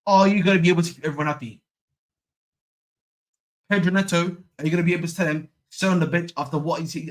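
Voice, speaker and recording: A young man hosting a football fan stream, chatting casually, repeating himself and using slang. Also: fairly high pitch. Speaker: football channel host. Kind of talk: casual live-stream chat.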